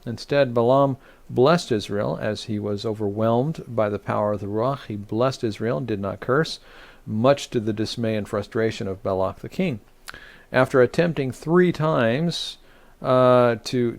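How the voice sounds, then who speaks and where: A man teaching a weekly online Torah study as rabbi, speaking haltingly with many fillers and restarts. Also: medium pitch, gravelly. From United States.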